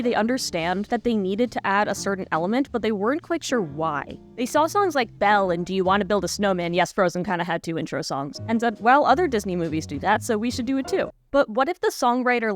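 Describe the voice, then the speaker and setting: Wry woman reading a video essay. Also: medium pitch. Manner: analytical, wry. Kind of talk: scripted video essay narration.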